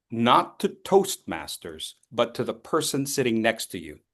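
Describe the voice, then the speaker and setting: A man's voice: medium pitch, sing-song, a little slow, a bit bright. A man giving a motivational talk at a speaking club, emphatic, repeating key phrases and asking the audience rhetorical questions. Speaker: education session speaker.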